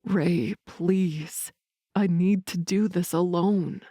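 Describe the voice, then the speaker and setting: A woman voicing a soft-spoken earnest young man. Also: steady tone, takes it slowly, no room sound, studio quality. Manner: soft, low and hushed. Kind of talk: audiobook character voice.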